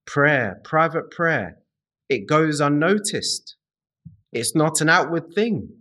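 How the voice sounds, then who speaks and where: A man preaching a sermon to a congregation in a slow, deliberate way, repeating key phrases and speaking to his listeners directly. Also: fairly high pitch, animated, pushed and bright.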